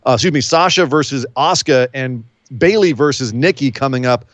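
A man's voice: mid-range voice, fairly quick, no echo. A man co-hosting a casual podcast, chatty and joking, with some stumbles and restarts. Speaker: podcast co-host.

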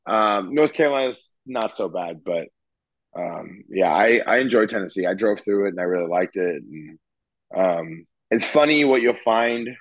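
A man co-hosting a casual chat, animated and quick to laugh. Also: on the low side, dry recording, poor audio. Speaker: podcast co-host. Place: California.

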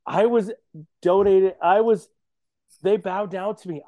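A man's voice: high voice, steady tone, a little slow, no echo, phone-quality sound. A man chatting casually on a podcast as a guest, boastful and joking. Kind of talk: casual chat.

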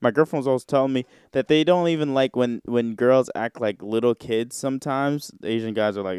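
A man's voice: mid-range voice, brisk, few pauses, darkish tone, smooth, dry recording, studio quality. A young man hosting a podcast solo, chatting casually in a rambling, slangy, profane way. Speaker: podcast host.

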